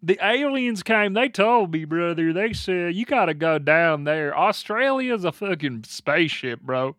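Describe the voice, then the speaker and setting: A man's voice: high voice, animated, fairly bright tone, no room sound, studio quality. A young man co-hosting a casual comedy podcast, laughing often and tossing out profane jokes. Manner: laughs often, swears, quick joking asides. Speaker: podcast co-host.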